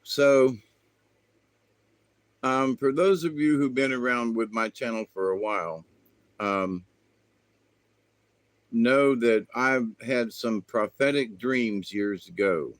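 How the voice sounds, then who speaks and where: Man, spiritual channel host, unhurried, rambling, folksy, dry close mic. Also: medium pitch, dry recording. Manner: slow, meandering, folksy with fillers.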